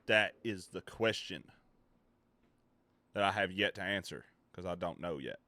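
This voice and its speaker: A man streams live and chats with his viewers, swearing and joking as he rambles from one thought to the next. His voice sits low but cuts through with a bright, forceful tone. The sound is dry and close, with no room echo. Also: animated, a little slow.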